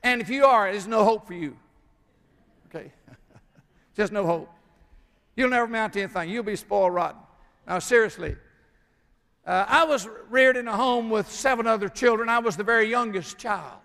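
An older man preaching a sermon, a folksy, joking storyteller who pauses often with "uh". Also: sits high, vocal fry, fairly bright tone, long reverb tail. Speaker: pastor. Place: church sanctuary.

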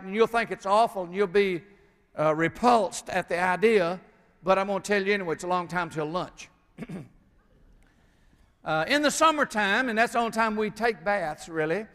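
An older man preaching to his congregation in a folksy, storytelling way, joking and pausing often with "uh". His voice sits high for a man, and the church sanctuary gives it a long, ringing reverb. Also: fairly bright tone. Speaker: pastor. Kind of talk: sermon.

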